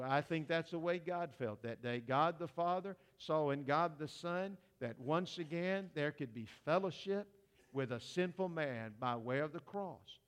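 Speaking a little high, this preacher delivers his sermon like a chat with his flock, folksy and direct, sprinkling in homespun remarks.

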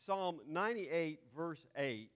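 A man's voice: fairly high pitch, expressive, takes it slowly, a bit bright, clear, resonant tone, highs cut off. A man with a Texas accent teaching a Bible class, spelling out terms letter by letter as he lectures. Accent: Texan. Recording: long hall reverb.

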